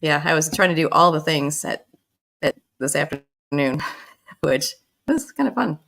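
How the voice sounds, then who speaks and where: Chatty woman with a gravelly low voice. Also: lively intonation, a little slow, fairly bright tone. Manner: chatty, greets viewers by name, laughs often. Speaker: livestream host. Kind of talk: casual livestream chat.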